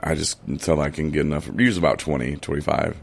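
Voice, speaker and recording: A man's voice: extremely low pitch, fairly even intonation, fast, gravelly. A man co-hosting a casual podcast chat in a dry, teasing way. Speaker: podcast co-host.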